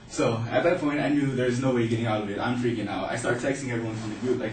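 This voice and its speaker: A man telling a personal story in a casual, animated way. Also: medium pitch, fast talker, hardly any pauses, slight background noise. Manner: animated, acting out voices in his story. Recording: roomy, distant mic, faint ambience.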